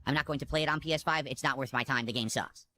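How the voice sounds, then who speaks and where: Bright-voiced man complaining bluntly. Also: medium pitch, rapid-fire. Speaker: game streamer. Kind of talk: streamed monologue.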